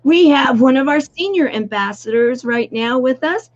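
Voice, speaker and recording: A woman's voice: high voice, lively intonation, normal speed, muffled recording. A woman hosting an online talk show, introducing guests in an effusive way. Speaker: host. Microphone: video call.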